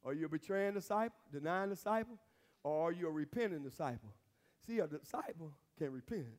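A man's voice: on the high side, lively intonation, a little fast, darkish tone. A man preaching a sermon as pastor, with emphatic call-and-response and repeated phrases, recorded in a church sanctuary. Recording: long reverb of a church hall.

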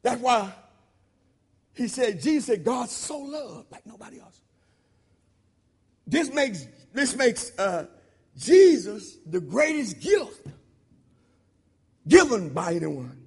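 A man with a very high voice preaching a sermon. He hammers points home by repeating words and swings from loud shouted emphasis down to low murmured asides, all in a loose, conversational way. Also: sing-song, slow pace, long pauses, husky. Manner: informal conversational preaching with repetition.

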